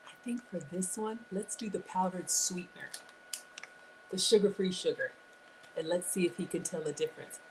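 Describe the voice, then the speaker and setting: A woman's voice: mid-range voice, poor audio. Lady chatting thru a cooking livestream, talks right at her viewers, a bit of hiss behind. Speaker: cooking live-stream host. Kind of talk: casual live-stream cooking demo.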